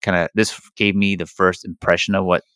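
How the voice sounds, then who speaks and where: A man's voice: deep voice, little pitch movement, a little fast, fairly bright tone, smooth, dry recording. A man co-hosting a podcast, chatting casually about a movie in a rambling way, with lots of fillers and restarts. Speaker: podcast co-host.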